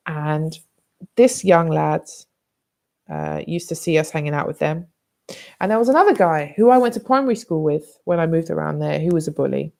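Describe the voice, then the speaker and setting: Gravelly British woman telling a story. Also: lowish voice, a little mellow. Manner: candid, blunt and rambling, swearing freely. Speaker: vlogger. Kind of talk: casual personal storytelling.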